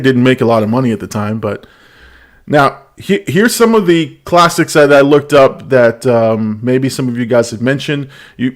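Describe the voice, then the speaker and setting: A man hosting a casual live stream, reading viewer comments aloud and laughing often. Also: mid-range voice. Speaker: show host.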